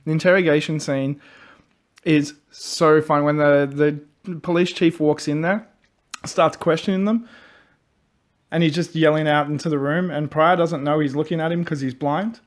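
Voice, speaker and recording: Animated man retelling movie scenes. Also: on the high side, moderate pace. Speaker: panel host. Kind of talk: casual movie review chat.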